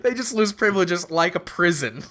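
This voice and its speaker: A man co-hosting a casual podcast, making quick wisecracks and deadpan jokes. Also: high-pitched. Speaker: podcast co-host.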